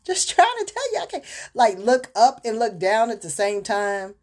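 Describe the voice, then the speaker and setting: A woman's voice: fairly high pitch, big pitch swings, moderate pace, darkish tone. A woman hosting her own show, talking in a rambling, chatty way with many fillers and restarts. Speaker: host. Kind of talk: casual spoken monologue.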